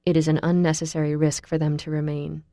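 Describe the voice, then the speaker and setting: A woman's voice: low voice, level tone, fast talker, mellow, no room sound, studio quality. A woman voicing a stern young man who argues in a tense, harsh whisper.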